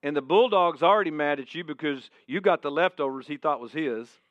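A male preacher tells a sermon story in the second person and drops to a hush at key points. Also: a little high, a little fast, dry recording. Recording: dull, dry sound.

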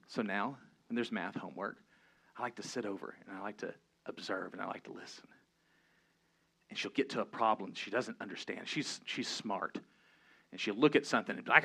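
A man preaching a sermon, earnest, switching between low emphatic points and lively storytelling. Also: brisk. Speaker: pastor.

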